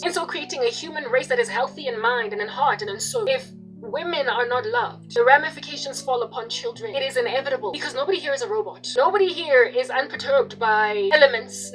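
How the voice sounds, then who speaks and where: A woman's voice: high-pitched, poor audio. A young woman in her twenties giving an impassioned religious monologue, fervent and emphatic, repeating her warnings. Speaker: Christian video preacher.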